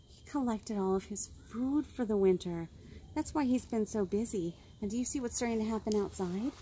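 A children's librarian reads a storytime picture book with a higher, very lively voice that swoops up and down. Her tone stays mellow and warm, and she keeps asking the little listeners questions between pages. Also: slight background noise. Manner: animated, gasps often, asks the listener questions. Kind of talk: storytime reading picture books to young children.

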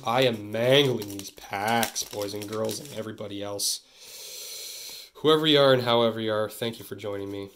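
A young man from Canada hosting a card-opening video, chatting to camera in an excitable, jokey way that swings between loud bursts and muttered asides. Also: mid-range voice. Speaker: card-opening channel host. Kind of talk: casual pack-opening chat to camera.

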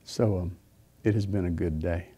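A man's voice: low voice, fairly even intonation, moderate pace, warm tone, breathy edge. A middle-aged man preaching, telling a personal story in a rambling way with many fillers and restarts. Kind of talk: sermon testimony.

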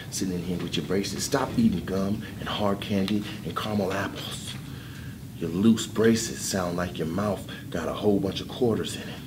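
A man playing a teacher in a comedy sketch, roasting his students in a loud, mocking way. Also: low-pitched, far from the mic. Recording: echoey room with background noise.

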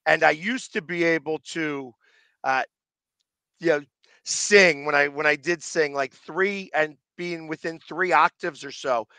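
Passionate philly sports fan guy, loud, slightly raspy, dry sound. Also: on the high side, no room sound. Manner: loud, passionate, quick restarts. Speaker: sports fan video creator, guest. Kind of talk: casual interview chat.

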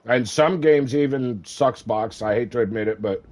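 A man's voice: medium pitch, normal speed, darkish tone. A middle-aged man chatting casually on a gaming stream, cursing freely, joking and laughing often.

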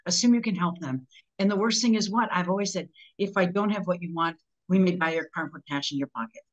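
A woman's voice: lowish voice, dull audio. A woman telling sales stories in casual conversation, acting out the people in them. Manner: fast, animated storytelling, acts out customers. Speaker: sales trainer guest.

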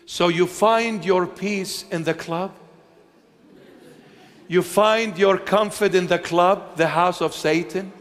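A man with a high voice preaching a slow, deliberate sermon. He leans on rhetorical questions and swings between hushed phrases and loud ones. His voice rings with a long church reverb. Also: steady tone. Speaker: bishop preaching.

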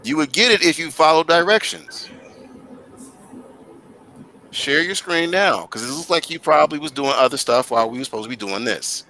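A man's voice: a little high, quick pace, hardly any pauses, bright, forceful tone, a little hiss or hum. A male teacher guiding students through an online class on a video call, talking casually but directly and firmly.

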